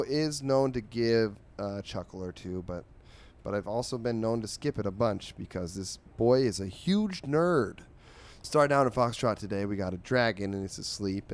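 Guy with a lowish voice drily recapping comic strips, tired and sarcastic, lots of ums. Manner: sarcastic, weary, many ums. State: low on enthusiasm. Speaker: comics podcast host.

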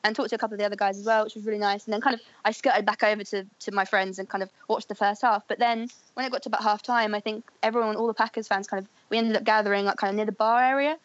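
A woman's voice: mid-range voice, fairly even intonation, very fast, few pauses, highs cut off. A young woman guest on a podcast, chatting in a friendly way, full of fillers. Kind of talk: casual podcast interview.

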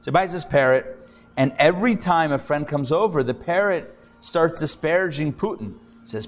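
Rabbi lecturing a live class, a man with a slightly high voice, lively and jokey with the room. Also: normal speed. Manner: lively, jokey storyteller, chats with the audience. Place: classroom before a live audience.

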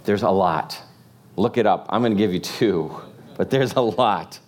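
A man's voice: on the low side, normal speed, darkish tone. A man preaching a sermon in a casual, joking way, asking the congregation lots of rhetorical questions. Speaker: pastor.

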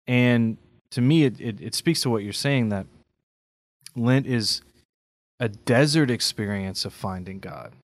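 A man's voice: mid-range voice, measured pace, no room sound. Guy co-hosting a faith podcast, earnest and reflective, keeps asking "right?", dry close mic sound. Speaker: podcast co-host. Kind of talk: casual faith podcast chat.

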